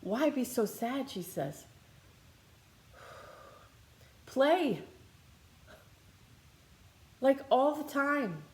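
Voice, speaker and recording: In a roomy space, a female meditation teacher talks very slowly, leaving long pauses, her high-pitched voice swinging widely in pitch. Her guided healing meditation, a kind of channeling session, is rambling and casual, with many fillers and restarts.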